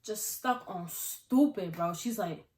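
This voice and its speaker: A young woman telling a casual storytime vlog, acting out her own past lines with animated delivery. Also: medium pitch, slow pace. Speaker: vlogger. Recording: echoey room.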